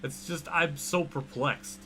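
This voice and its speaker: A man's voice: a little high, takes it slowly, pushed and bright, slight background noise. A man with a Pennsylvania accent giving live commentary while streaming a racing game, rambling and self-deprecating as he reacts to chat.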